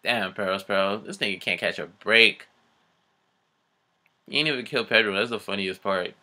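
A man's voice: lowish voice, normal speed, bright, forceful tone. A man reacting live to a comic chapter, hyped and slangy, swearing and muttering asides. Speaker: video reactor.

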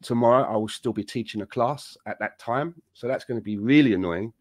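A man's voice: medium pitch, brisk, darkish tone, dry recording. A man co-hosting a casual podcast, telling rambling, easygoing stories. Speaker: podcast co-host. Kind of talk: casual chat.

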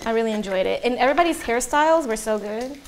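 A woman's voice: on the high side, lively intonation, fast talker, a little hiss or hum. A woman chatting casually and asking curious questions while cooking on a show, with frequent giggles. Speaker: co-host.

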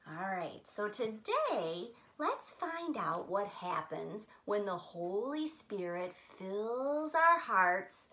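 Slow, lively-voiced woman teaching children. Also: medium pitch. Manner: slow, gentle, animated talk to children. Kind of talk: children's Bible lesson.

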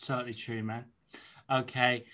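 Middle-aged english guy from devon, accent all over the place, bright sharp voice, chatty and sweary, running a metal interview. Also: medium pitch, little pitch movement, unhurried. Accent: English, mixed southwest and northeast. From Devon, England. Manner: chatty, swears freely, laughs easily. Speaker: host. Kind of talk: casual interview.

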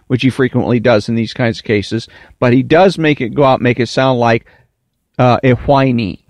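A man delivering a political commentary monologue, deliberate and emphatic, slowing to stress key words. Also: medium pitch, darkish tone, dry recording. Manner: deliberate, emphatic, drawn-out stresses, mocking whiny impressions.

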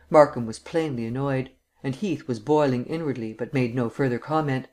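Male audiobook narrator, steady literary reading, classic mystery. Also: mid-range voice, normal speed, few pauses.

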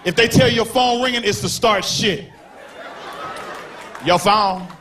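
A man doing a stand-up comedy set on a stage, loud and animated, shouting punchlines and acting out characters. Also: extremely high pitch, normal speed. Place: comedy stage before a live audience. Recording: live show with crowd noise. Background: audience laughter.

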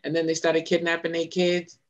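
A woman co-hosting a podcast discussion, animated and indignant, acting out the exchanges she retells. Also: lowish voice, a little fast, highs cut off. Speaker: podcast co-host. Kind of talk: casual discussion.

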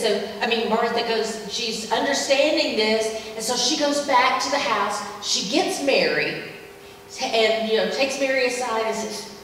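A woman's voice: a little high, unhurried, a bit bright, a little hiss or hum. A woman leading an informal Bible teaching in a church service, talking in a conversational, enthusiastic way with many fillers. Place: church sanctuary. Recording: echoey hall from far off.

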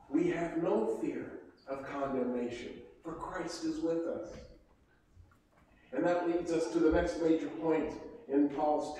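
Preaching pastor in an echoey church. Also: male voice, a little high, mellow, a little hiss or hum. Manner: preaching with rhetorical questions to the congregation. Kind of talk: sermon. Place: large church sanctuary. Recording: echoey hall from far off.

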